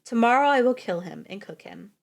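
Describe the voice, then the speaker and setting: A woman's voice: fairly high pitch, animated, fairly quick, voice pushed up. A woman reading the lines of a wicked old witch who eats children, in a mocking, gloating tone.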